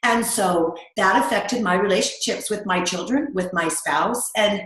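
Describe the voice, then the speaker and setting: A woman's voice: medium pitch, unhurried, a bit bright. Chatty middle-aged woman in echoey room. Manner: chatty, confiding, many "you know"s. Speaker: interview guest. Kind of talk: casual interview chat.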